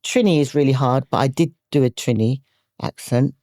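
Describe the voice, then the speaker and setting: A woman talks as a guest on a casual podcast, playful and animated, laughing easily. The studio sound is dry and close. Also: very deep voice, moderate pace, no echo. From London, England. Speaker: guest, comic actress.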